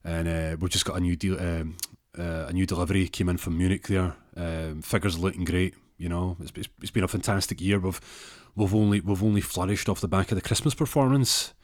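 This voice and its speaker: A man's voice: low-pitched, fairly even intonation, fairly quick, darkish tone, no echo, studio quality, lightly acted. A man playing a boastful, over-eager husband who works as a car dealer, blustering about looking after his wife.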